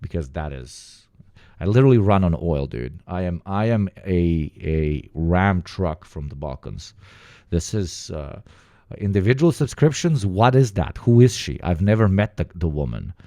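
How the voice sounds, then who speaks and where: Low-voiced man in crude streaming banter. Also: big pitch swings, unhurried, warm tone, dry recording, clean studio sound. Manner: crude, mocking, joking rants. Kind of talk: casual profane stream commentary.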